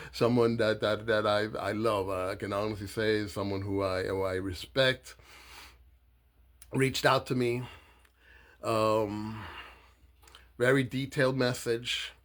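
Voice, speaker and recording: A man talking casually, halting and searching for his words. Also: fairly low pitch, steady tone, fairly bright tone.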